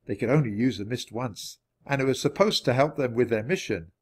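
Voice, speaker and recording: A man narrating a children's audiobook in an expressive reading voice. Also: fairly quick, slightly rough. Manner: expressive, varied pitch. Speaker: audiobook reader.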